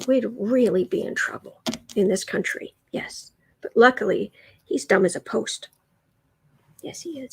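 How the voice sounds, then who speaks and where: A woman hosting a casual tarot livestream at home, chatting slowly and often slipping into soft, whispered baby talk. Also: a little high, slightly rough. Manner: slow, chatty asides. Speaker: tarot reader and livestream host.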